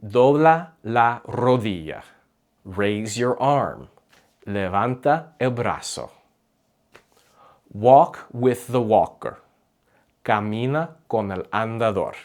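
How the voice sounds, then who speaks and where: A man teaching clinical Spanish to therapists, with clear repeat-after-me drills and light jokes. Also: lowish voice, animated, takes it slowly, pauses often, darkish tone. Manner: patient, clear, lightly joking.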